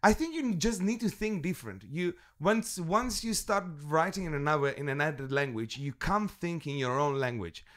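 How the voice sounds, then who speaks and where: A man's voice: a little high, lively intonation, normal speed, few pauses, fairly bright tone. A man from Italy with an Italian accent, a musician guest chatting casually, laughing often and restarting his sentences. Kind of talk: casual interview chat.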